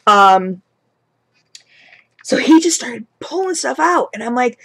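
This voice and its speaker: A woman's voice: mid-range voice, lively intonation, a little fast. Chatty woman rambling through a haul. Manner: chatty, rambling, many fillers and restarts. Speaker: vlogger reviewing candle products. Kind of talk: casual haul review.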